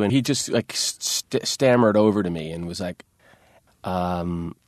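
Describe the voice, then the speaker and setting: A man, an actor, telling a funny personal anecdote in a casual, animated way with many restarts and fillers. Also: on the low side, a little slow, no room sound, studio quality. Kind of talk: casual storytelling interview.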